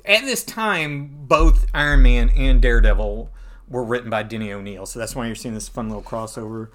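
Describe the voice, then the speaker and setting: A man with a medium-pitched voice hosts a podcast, recapping a comic book at a normal pace. His retelling is chatty, snarky, and animated.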